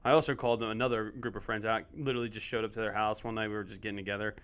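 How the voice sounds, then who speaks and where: Man, low pitch, bright, quick, brash, swears casually, podcast chat. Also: little pitch movement, clean tone. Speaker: podcast guest.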